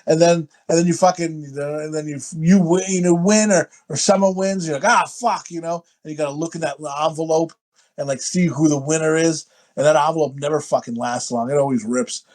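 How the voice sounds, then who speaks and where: A man's voice: fairly high pitch, steady tone, brisk, darkish tone. Middle-aged guy, co-host, rowdy and foul-mouthed, big over-the-top impressions. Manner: rowdy, profane, laughs a lot, mimics movie lines over the top. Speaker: podcast co-host. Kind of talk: casual crude chat.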